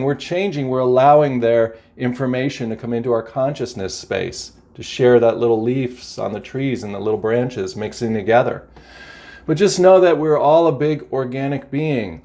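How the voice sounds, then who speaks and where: Brief: an excitable man reading oracle cards into a camera, medium voice, exclaiming and repeating lines. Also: medium pitch. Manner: enthusiastic, exclamatory, repeats phrases. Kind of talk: casual spiritual talk to camera. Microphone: camera mic.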